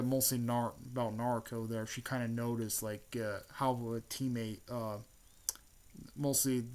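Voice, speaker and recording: A man hosting his channel, recapping a story in a casual, halting way with many fillers, repeated words and throat-clearing. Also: fairly low pitch. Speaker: channel host.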